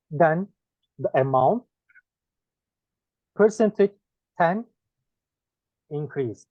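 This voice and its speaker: Turkish-accented teacher on a tinny line. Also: male voice, a little high, no room sound. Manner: listing words one by one with pauses. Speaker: English teacher. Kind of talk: one-on-one lesson. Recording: dry tinny phone-like sound.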